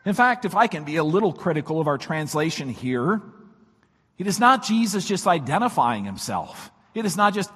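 A man preaching a sermon, his voice weak this morning, swinging from shouts to near-whispers. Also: high voice, sing-song, normal speed, slightly rough, long reverb tail. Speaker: pastor.

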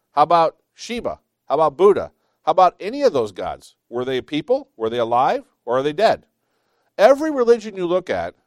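A man teaching a Bible class, reading scripture slowly with emphasis between chatty asides and small self-laughs. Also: fairly high pitch, no room sound, clean studio sound.

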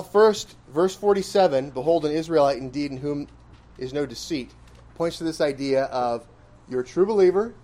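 A man's voice: a little high, darkish tone. Emphatic man preaching a sermon. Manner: conversational, questioning the audience, emphatic rises. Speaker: pastor. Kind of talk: expository sermon.

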